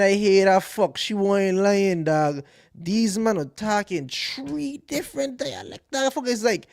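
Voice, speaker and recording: Animated young Caribbean man, fairly high voice. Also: no room sound, clean studio sound. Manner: animated, loud and excitable, swearing freely. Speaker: podcast co-host. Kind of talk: casual podcast chat.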